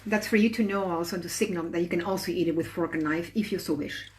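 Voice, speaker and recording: A woman's voice: fairly low pitch, fairly even intonation, fast talker, darkish tone, a little hiss or hum. A woman hosting a live cooking demonstration. She explains patiently and talks as she works with her hands. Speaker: cooking show host. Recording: roomy, distant mic with faint ambience.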